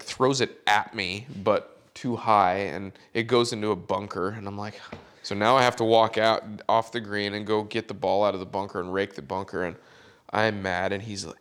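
A man who works as a caddie, telling a story in a podcast chat and acting out the quotes with animated delivery. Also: lowish voice, normal speed, clear, resonant tone.

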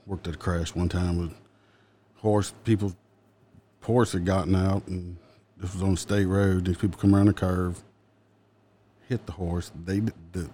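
A man's voice: deep voice, dark tone, slight background noise. A man with a Southern accent, a police officer, telling wry stories from his work in a casual chat and laughing at his own jokes.

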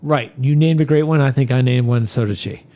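A man's voice: medium pitch, a little fast, mellow. A man who is a guest on a chatty podcast, talking bluntly and casually and swearing freely. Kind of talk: casual chat.

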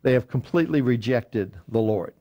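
A man's voice: mid-range voice, lively intonation, dark tone. An older man, a pastor, teaching a Bible study verse by verse, quoting reference books aloud and often restarting with fillers. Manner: deliberate, quotes lexicons aloud, frequent fillers and restarts.

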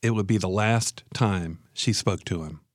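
A man giving measured scripted documentary narration. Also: fairly low pitch, slight background noise.

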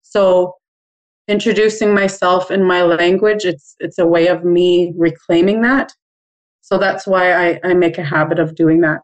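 A middle-aged woman from Canada answering interview questions about making ribbon skirts, in a calm, measured, thoughtful way. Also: lowish voice, rough recording.

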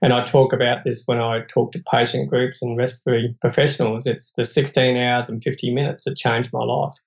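Australian man, podcast guest, earnest storytelling, middle pitch, muffled lo-fi recording. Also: flat delivery, brisk, gravelly. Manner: earnest, reflective, plain-spoken. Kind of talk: personal storytelling in an interview.

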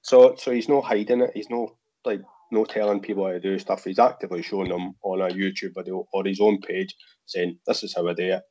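A very deep-voiced Scottish man talks in a relaxed, rambling way, often restarting his sentences. The audio is a little dull and muffled. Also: brisk. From Scotland. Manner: rambling, frequent restarts, laid-back. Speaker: guest, figure customizer. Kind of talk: casual podcast chat.

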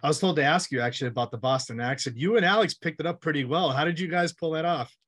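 A man's voice: a little high, fast, fairly bright tone. A man from Massachusetts hosting an interview, asking questions and adding short agreeing remarks. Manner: brief, encouraging interjections. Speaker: podcast host. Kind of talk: casual interview.

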